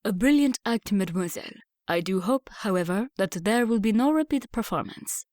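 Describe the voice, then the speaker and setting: A woman doing a playful French gentleman. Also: medium pitch, lively intonation, moderate pace, no room sound, clean studio sound, close to an everyday voice. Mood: teasing. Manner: teasing, theatrical. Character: charming French theatre owner, young man, playful.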